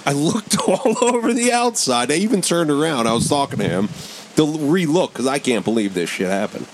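A man's voice: a little high, very animated, a little fast, a little hiss or hum, poor audio. A man co-hosting a podcast, telling a story in an agitated, emphatic way and swearing constantly into a studio mic. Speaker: podcast co-host. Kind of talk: casual profane storytelling. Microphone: studio microphone.

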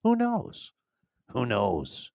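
A man's voice: medium pitch, huge pitch swings, very slow, darkish tone, no echo, low-quality recording. Male podcast host, rambly and chatty, dry studio sound. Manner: rambling, restarts a lot, laughs easily. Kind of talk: casual live podcast chat. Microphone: handheld mic.

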